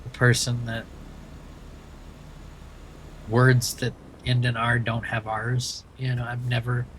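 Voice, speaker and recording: A man with a light Maine accent and a hint of Southern drawl chats loosely as a streamer, rambling with many restarts in a middle-pitched voice. A faint hum of engine noise sits behind him. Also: completely flat delivery, takes it slowly, fairly bright tone, poor audio. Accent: light Maine with a touch of Southern. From Maine, USA. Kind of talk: casual chat while playing a driving game.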